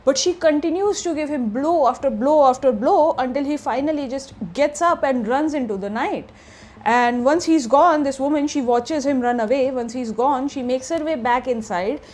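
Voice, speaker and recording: High-voiced woman telling true crime. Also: normal speed, darkish tone. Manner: chatty present-tense retelling with fillers. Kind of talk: casual true crime storytelling.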